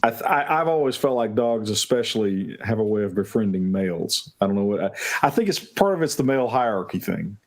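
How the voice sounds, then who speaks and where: A man with a lowish voice chats casually on a talk stream. He rambles through family anecdotes, restarting and acting out both sides of old conversations. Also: big pitch swings, fairly quick, few pauses, darkish tone. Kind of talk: casual chat.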